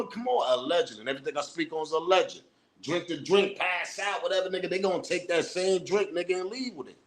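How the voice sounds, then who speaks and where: Animated slang-heavy man commenting. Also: fairly high pitch. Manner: animated, rambling, profane street slang, acts out quotes loudly. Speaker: hip-hop news commentator. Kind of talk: casual commentary.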